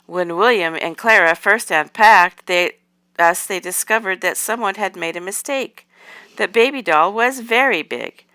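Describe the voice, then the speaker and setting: Woman voicing a mother doll, storybook, gentle, soothing, low, smooth, dry close sound. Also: unhurried, no room sound.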